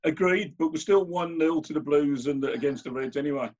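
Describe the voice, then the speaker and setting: Birmingham man as host, husky voice, chatty and halting, dull sound. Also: a little high. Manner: conversational, hesitant, restarts phrases. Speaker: host and chair. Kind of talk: hosting a conversation.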